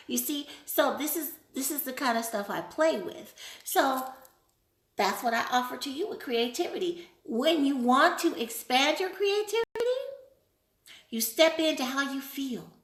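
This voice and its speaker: A woman hosting a casual live stream, playful and animated, laughing often while she answers viewer questions. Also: high voice, a little slow, echoey room. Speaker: livestream host.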